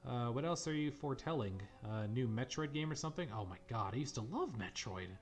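A young man riffing through a gameplay session with sarcastic, crude jokes. His voice sits at a plain mid male pitch, and faint game music plays underneath. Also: animated, brisk. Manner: sarcastic, profane, jokey. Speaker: let's play commentator. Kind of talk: casual gameplay commentary.

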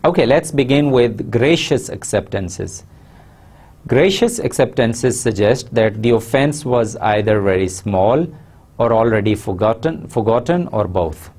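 A man with a Pakistani accent giving a recorded university lecture, measured and explanatory, stressing key words. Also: medium pitch, lively intonation, darkish tone.

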